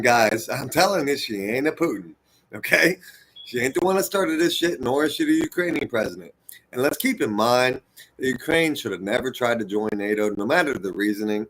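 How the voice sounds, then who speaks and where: A man's voice: medium pitch, fairly bright tone. A man in his forties giving an unscripted, heated and profane rant, rambling and preachy as he lectures his viewers. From United States. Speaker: vlogger.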